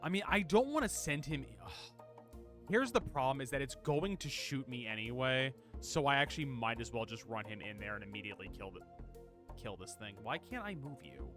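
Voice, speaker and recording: Male game streamer, animated delivery, chatty, reads on-screen text aloud, faint music behind. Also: mid-range voice, a little fast. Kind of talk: casual gameplay commentary.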